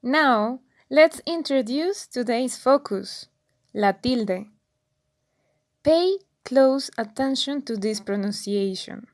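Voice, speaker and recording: A woman teaching a beginner language lesson, patiently repeating words slowly and clearly for learners. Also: fairly high pitch, animated. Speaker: Spanish teacher.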